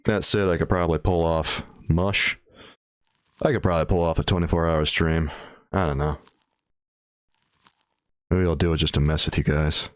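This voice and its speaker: Deep-voiced tired streamer joking with chat. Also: male voice, fairly even intonation, moderate pace, pauses often, smooth, no echo. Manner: joking banter with chat, playful mock voices. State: tired late-night. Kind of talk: casual livestream commentary.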